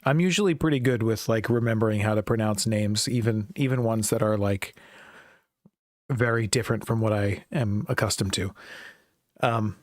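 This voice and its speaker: A man's voice: on the low side, normal speed, no room sound. Hesitant male livestream host, dry sound. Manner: hesitant, many ums, self-conscious. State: nervous, dry mouth. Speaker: livestream host announcing contest winners. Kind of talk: casual livestream chat.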